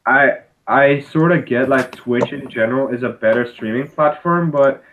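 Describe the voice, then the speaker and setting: A man's voice: mid-range voice, normal speed, a bit bright. A man chatting casually on a live stream, hesitating with many fillers and restarts. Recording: slightly dull audio with faint noise.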